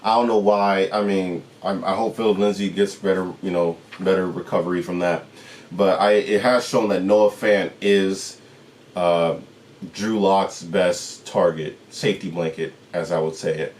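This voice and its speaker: Lower-voiced man ranting about games. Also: a little slow, slight background noise. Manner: animated ranting with rhetorical questions. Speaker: sports channel host. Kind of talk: solo sports recap rant.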